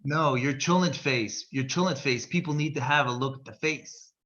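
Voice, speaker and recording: Playful male co-host, bright forceful voice, slightly dull video-call sound. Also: mid-range voice, moderate pace. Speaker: podcast co-host. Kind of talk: casual chat.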